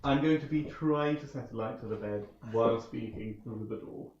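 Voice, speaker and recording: A man's voice: medium pitch, moderate pace, a little mellow, heavy reverb, lo-fi sound. A man playing in a tabletop game, talking casually and tentatively, with a joking tone. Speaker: player.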